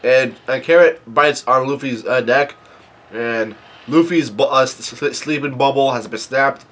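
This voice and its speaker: A man casually reading through and reacting to a manga chapter, halting often with fillers and restarts. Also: mid-range voice. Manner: reads quoted dialogue flatly without acting.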